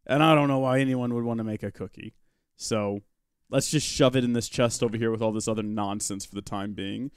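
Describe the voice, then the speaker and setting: The voice is a man's: mid-range, steady and smooth, moving fairly quickly, with no room sound and a clean studio quality. He's a livestream host playing a Minecraft modpack live and commenting as he goes. Talking casually with viewers, he's chatty, slips in joking asides, and speaks to both his chat and his pet rock in the game.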